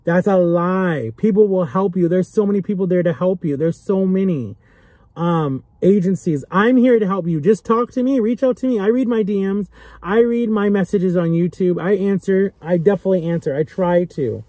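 A young man with a high, mellow voice speaks at normal speed to his camera, with no room sound in the recording. The vlog is impassioned and pleading; he repeats himself for emphasis and becomes emotional as he goes.

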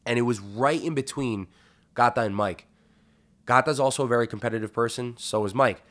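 A man hosts a casual podcast and tells a long personal story. His voice sits at an ordinary middle pitch for a man. He swears freely and acts out what others said. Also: a little fast. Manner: animated, profane storytelling with acted-out quotes. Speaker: podcast host.

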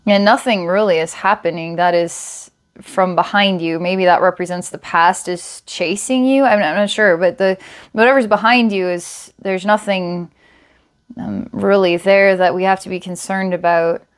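A woman's voice: on the low side, fairly even intonation, clean tone. Hesitant woman giving a psychic reading. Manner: halting, searching, many fillers and repeats. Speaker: psychic reader.

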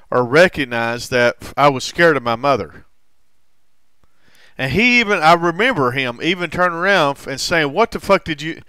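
A man in recovery telling a personal story in a halting way, with frequent restarts and heavy swearing. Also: a little high, bright, forceful tone, smooth, no room sound. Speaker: recovering alcoholic sharing his story.

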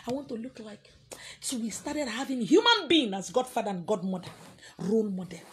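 A woman's voice: a little high, lively intonation, brisk, fairly bright tone, slightly rough. A Nigerian-accented woman speaking in a defiant, emphatic vlog monologue.

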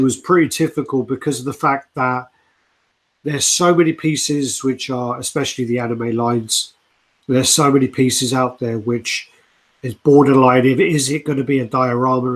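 A man co-hosting a casual chat about collectible statues, relaxed, laughing and swearing easily. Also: medium pitch.

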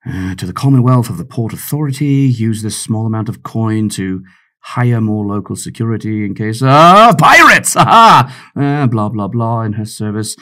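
A man voicing a cocky, boastful young pirate captain in an audiobook, his voice jumping high when excited. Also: moderate pace, close to an everyday voice. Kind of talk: audiobook character voice.

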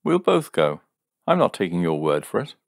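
A man's voice: sits low, wildly swooping pitch, normal speed, creaky, no room sound, clean studio sound, exaggerated voice. Storybook role: feisty believer girlfriend, argumentative, sarcastic, put on by a male reader. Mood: defiant. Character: defiant young woman who believes in psychics.

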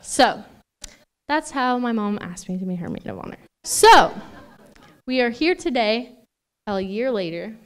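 A woman's voice: a little high, expressive, a little slow, long pauses, smooth. A young woman giving a maid of honor toast at a wedding reception, chatty and emotional, laughing often between fillers.

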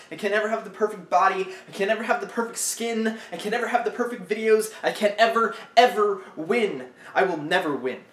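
A man performs spoken word poetry intensely, swinging between loud outbursts and quiet, low lines. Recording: echoey room.

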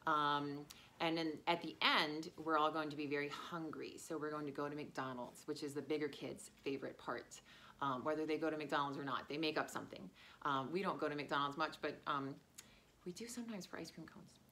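A woman's voice: sits low, fairly even intonation, brisk, sharp tone, a little hiss or hum. A woman teaching young children in a playful, sing-song way, chanting songs and acting out sounds. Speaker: home daycare teacher. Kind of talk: children's lesson with sung chants.

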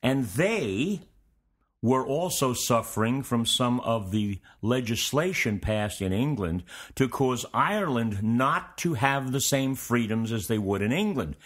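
A man acting as host and history teacher, giving an informal, meandering lecture to his students in a relaxed, conversational way. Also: medium pitch, a little slow.

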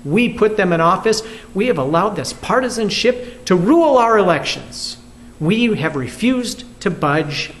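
A man's voice: sits high, expressive, measured pace. A pastor from the United States giving a candid, reflective video sermon and asking his listeners questions. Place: church.

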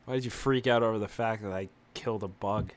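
A man's voice: on the low side, steady tone, fast talker, dry recording. A young man in casual late-night podcast chat over an online call, joking and ranting with plenty of swearing. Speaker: podcast host.

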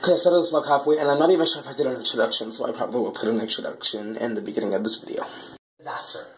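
Here a man with a mid-range, steady voice fires off words rapidly in a casual phone-filmed vlog, rambling, annoyed, and swearing all the time. It begins outside in the wind, with wind noise on the low-quality recording, and ends up at home.

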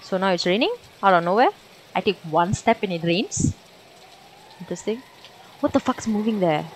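A woman's voice: medium pitch, animated, moderate pace, a little hiss or hum, poor audio. A young woman, swearing and nervously chatting through a horror game. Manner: jumpy, swearing, slangy banter. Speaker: gamer.

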